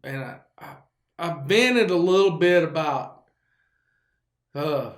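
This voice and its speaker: Folksy high-voiced man from rambling. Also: animated, slow pace, reverberant. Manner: rambling, folksy, with many fillers and restarts. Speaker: show host. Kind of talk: casual storytelling monologue.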